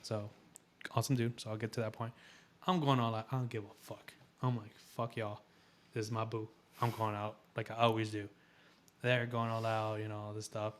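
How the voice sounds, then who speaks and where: Profane, animated male podcast storyteller. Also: on the low side, moderate pace, a little hiss or hum. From New York. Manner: profane, animated storytelling full of quoted dialogue. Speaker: podcast co-host. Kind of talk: casual chat.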